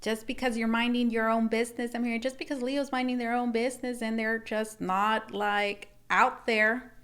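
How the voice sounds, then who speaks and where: A woman does a casual tarot reading to camera, calling her viewers "guys" as she reads the cards, rambling and repeating herself. Her voice is fairly high, somewhat bright and smooth, with a flat delivery at normal speed.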